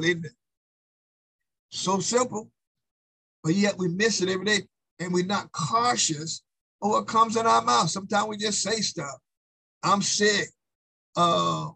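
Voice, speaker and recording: Husky high-voiced male preacher. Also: normal speed, pauses often, sharp tone, rough recording. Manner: emphatic, repetitive call-and-response preaching. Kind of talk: sermon.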